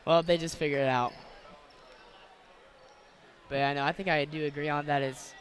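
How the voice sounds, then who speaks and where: A man giving relaxed color commentary at a high school basketball game, agreeing with his partner and adding short exclamations. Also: normal speed. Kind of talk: casual game analysis. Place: high school gym, courtside. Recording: noisy gym broadcast feed.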